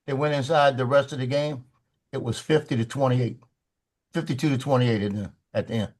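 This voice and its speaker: Animated Louisiana storyteller man. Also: medium pitch, a little fast. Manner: animated, acts out quoted lines. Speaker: sports photographer telling a story on a call. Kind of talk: casual storytelling. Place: home, video call. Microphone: video call.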